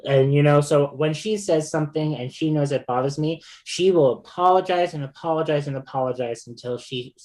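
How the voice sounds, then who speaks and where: Man, podcast guest, casual chat, halting delivery, frequent restarts, laughs between stories. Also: on the high side, a little mellow.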